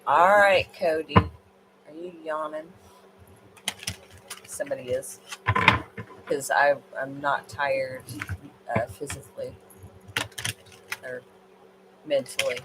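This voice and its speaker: A woman's voice: very deep voice, fairly even intonation, takes it slowly, long pauses. Woman card reader, late-night tired, rambling with fillers; noisy livestream audio. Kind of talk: casual livestream card reading.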